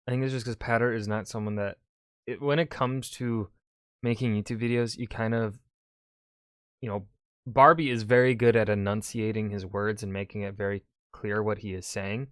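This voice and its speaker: A man hosting a reaction video, giving relaxed, rambling commentary. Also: lowish voice, normal speed, clear, resonant tone, dry recording, clean studio sound. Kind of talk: casual commentary.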